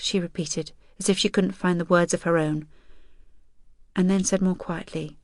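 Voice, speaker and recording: A woman calmly narrating an audiobook in the third person. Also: fairly low pitch, moderate pace, no room sound, clean studio sound.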